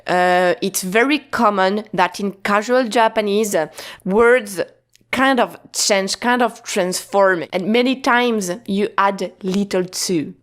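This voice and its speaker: A woman teaching a lesson in a casual, patient way, repeating points slowly with restarts and fillers. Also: medium pitch. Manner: slow, repetitive, patient explaining with many restarts and fillers. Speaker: Japanese teacher.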